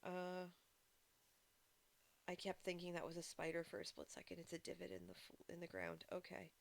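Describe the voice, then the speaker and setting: A woman with a fairly low, monotone voice and vocal fry chats casually with her viewers while streaming a game. She speaks at a normal pace, rambling and restarting with many fillers.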